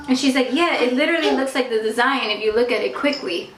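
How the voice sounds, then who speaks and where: A woman telling a casual storytime vlog, chatty and animated, swearing freely and saying "like" a lot. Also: sits high, fast talker, a crowd in the background. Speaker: vlogger. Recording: echoey room, mic at a distance.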